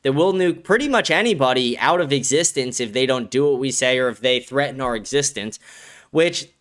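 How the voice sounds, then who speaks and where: A man's voice: mid-range voice, animated, brisk, fairly bright tone. A man hosting a political commentary livestream, ranting crudely and swearing often while answering his live chat. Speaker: livestream host.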